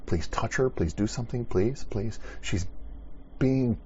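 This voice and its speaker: A man voicing a desperate father quietly begging for help for his dying daughter. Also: medium pitch, measured pace, muffled recording, slight background noise, lightly acted. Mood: pleading. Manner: pleading, quiet. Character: desperate pleading father, prominent leader.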